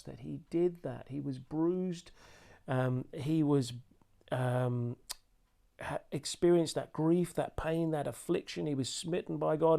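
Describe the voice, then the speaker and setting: A man giving an earnest sermon, slowing down to read scripture aloud. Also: on the high side, gravelly, warm tone. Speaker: preacher.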